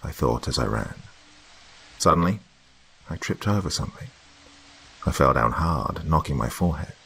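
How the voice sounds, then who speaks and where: A man's voice: a bass voice, lively intonation, normal speed, creaky, fairly bright tone, a little hiss or hum, rough recording. A man telling a first-person horror story in a grave, dramatic way.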